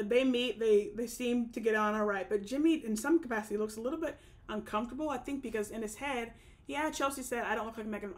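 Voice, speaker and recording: A young woman chatting casually as she recaps a show, with lots of fillers and restarts. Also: mid-range voice. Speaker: recap vlogger. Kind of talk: casual reality TV recap chat.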